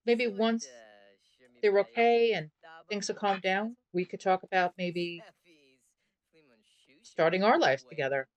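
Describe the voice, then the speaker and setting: A woman voicing a caring young man who calmly reassures his girlfriend in a video game story. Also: mid-range voice, unhurried, long pauses, natural voice. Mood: warm.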